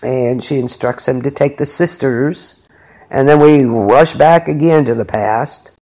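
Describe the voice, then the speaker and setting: A man's voice: mid-range voice, a little slow, mellow. A man hosting a podcast, recapping a show episode in a rambling, filler-heavy way. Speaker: podcast host. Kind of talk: casual episode recap chat.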